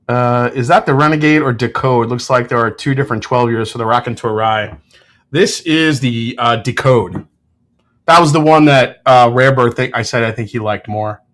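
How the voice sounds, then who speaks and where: A man hosting a casual livestream, talking in a relaxed, rambling way and reading viewer comments aloud, with plenty of fillers and restarts. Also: mid-range voice. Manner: frequent fillers and self-corrections. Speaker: whiskey reviewer and channel host.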